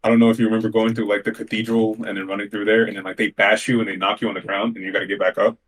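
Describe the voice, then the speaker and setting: Easygoing low-voiced man telling stories. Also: flat delivery, very fast. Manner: easygoing storyteller, acts out quotes. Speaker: podcast co-host. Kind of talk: casual gaming news chat.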